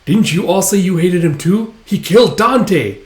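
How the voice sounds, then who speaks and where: A man's voice: high-pitched, lively intonation, moderate pace, pitched above the performer's own voice. A man voicing a brash, sneering male mercenary who talks scornful and pushy. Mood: scheming. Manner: scornful, scheming, loud. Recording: roomy echo.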